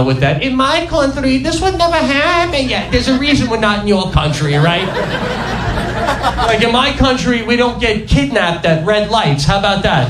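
Man, stand-up comic, brash chatty delivery, echoey room, background noise. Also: sits high. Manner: brash, conversational. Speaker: stand-up comedian. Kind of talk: stand-up routine.

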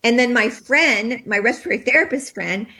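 A woman guest recounts a personal experience, her voice sitting a bit high. She is shaken and trembling as she talks. She stumbles and restarts often, leaning on fillers as she goes. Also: pushed and bright. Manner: halting, hesitant, many restarts and fillers. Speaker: interview guest.

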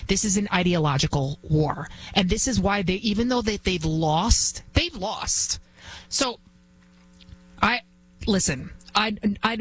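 A woman's voice: mid-range voice, poor audio. Impassioned woman commentator. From United States. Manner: impassioned, emphatic, repetitive. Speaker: political commentary host. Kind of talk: opinionated monologue.

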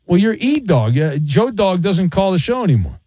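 A man's voice: high-pitched, very animated, moderate pace, warm tone, breathy edge, no room sound. A man hosting an overnight sports talk radio show in a studio, sarcastic and teasing with his callers. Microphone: studio microphone.

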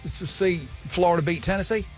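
A man's voice: high voice, quick pace, over music. A middle-aged man hosting a radio talk show, joking and bantering with his co-hosts. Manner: joking, does mocking voices of others. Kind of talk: casual banter.

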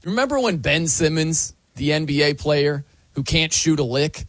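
A man's voice: on the high side, expressive, normal speed, a bit bright, dry recording. An American man hosting a sports talk show, emphatic and full of rhetorical questions.

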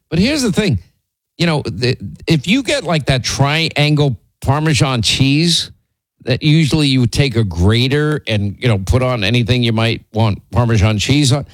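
A man's voice: fairly high pitch, no echo, low-quality recording. Rambling, teasing male radio host. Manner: rambling, teasing, exasperated, many restarts. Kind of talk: casual storytelling chat on air.

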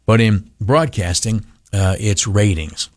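Speaking slowly, a man on the radio gives an energetic motivational talk, often stopping on uhs and mocking others in high-pitched voices. The audio is studio quality with no room sound.

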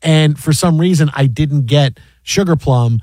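A man's voice: fairly high pitch, a little slow, dry recording, clean studio sound. A man in his fifties hosting a sports talk show, telling stories animatedly and repeating himself often. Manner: animated storyteller, repeats "yeah" a lot. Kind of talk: casual sports talk banter.

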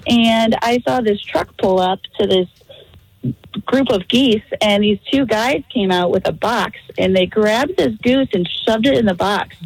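Husky woman caller, dry sound. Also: a little high, no room sound, low-quality recording. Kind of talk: phone-in storytelling.

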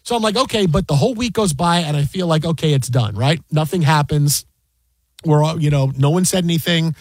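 Fast-talking husky man telling a story. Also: a little high, no room sound. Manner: animated, acts out quoted dialogue, many restarts. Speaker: sports broadcaster and podcast guest. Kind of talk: casual storytelling chat.

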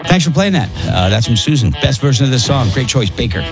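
A man's voice: medium pitch, sing-song, fairly quick, over loud music. A man hosting a casual morning radio show, joking and trailing off with fillers. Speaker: radio host.

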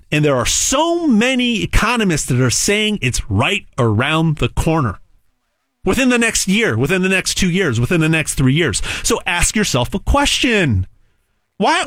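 A man delivering an emphatic, repetitive sales pitch monologue as host. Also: fairly bright tone, no echo, studio quality.

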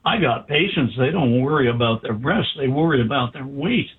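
Doctor guy spinning a story, voices all the quotes, kinda raspy, sounds like it's over the phone. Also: medium pitch, normal speed. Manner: animated, acts out quoted dialogue. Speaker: doctor, interview guest. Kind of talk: anecdotal storytelling. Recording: tinny phone-like line.

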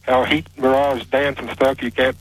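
A man calling in to a talk show, plain-spoken and halting as he tells his story. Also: medium pitch, flat delivery, rough recording. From West Virginia. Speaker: caller. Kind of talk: telling a personal story on a call-in show.

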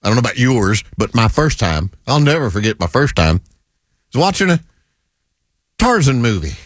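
A man's voice: mid-range voice, sing-song, normal speed, no echo, studio quality. A man co-hosting a casual talk show, tossing in playful, jokey interjections. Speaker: co-host. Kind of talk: casual banter.

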